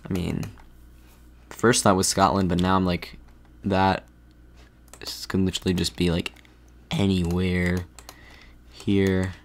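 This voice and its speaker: A man's voice: low voice, level tone, slow pace, pauses often. A man giving thinking-aloud commentary while playing a geography game, hesitant and full of restarts. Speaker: gaming video creator.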